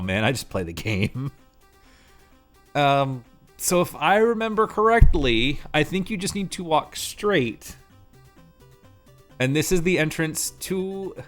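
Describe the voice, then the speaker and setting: A man's voice: medium pitch, a bit bright. A man streaming a video game live, chatting casually, joking, laughing and swearing as he reads the game's text aloud. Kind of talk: casual live gameplay commentary.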